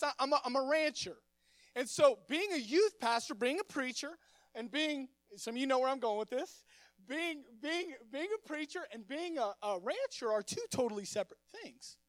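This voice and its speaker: Speaking in an unusually high, slightly bright voice, a young youth pastor from Texas in his 20s stumbles over and repeats words as he jokes warmly with his church congregation, mixing casual stories into the sermon. The close stage mic is dry, with no room sound.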